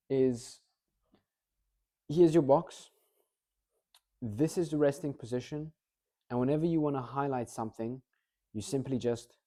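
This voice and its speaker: Male speaking coach, very dark and mellow tone, lively casual delivery with frequent check-ins. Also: mid-range voice. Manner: energetic, demonstrative, checks in with the listener often. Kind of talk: casual instructional talk.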